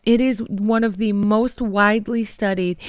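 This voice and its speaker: Fired-up woman podcaster, clear resonant voice, dry close sound, calls listeners "friends". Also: medium pitch, steady tone, a little slow, dry recording. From Michigan. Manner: impassioned, gets worked up, addresses listeners as friends. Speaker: podcast host. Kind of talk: casual political commentary.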